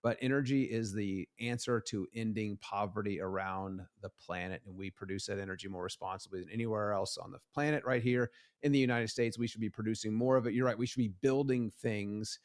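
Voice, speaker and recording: A man's voice: fairly low pitch, steady tone, a little fast, hardly any pauses, dry recording, clean studio sound. A man appearing as a guest on a podcast, speaking in a firm way with short words of agreement. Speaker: podcast guest, energy advocate. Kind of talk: casual political podcast chat.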